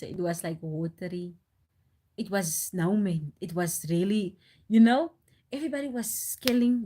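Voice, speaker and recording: A woman chatting on a live stream, telling stories in an animated, rambling way with restarts and frequent laughs, into a phone. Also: fairly low pitch. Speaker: livestreamer. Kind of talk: casual storytelling on a live stream.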